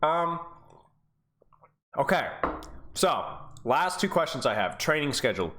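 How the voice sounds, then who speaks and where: Lively, encouraging male game coach. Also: on the high side, measured pace. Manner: animated, encouraging, laughs easily. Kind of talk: casual coaching chat.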